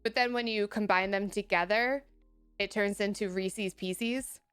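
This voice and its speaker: A woman, chatting casually on a live stream, animated and laughing often as she answers chat. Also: medium pitch, normal speed, smooth, faint music behind.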